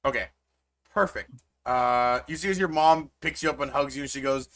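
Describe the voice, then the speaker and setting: Man running a tabletop game, bright voice, lots of uh and um, restarts a bunch. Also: mid-range voice, normal speed. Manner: rambling with many fillers and restarts. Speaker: game master.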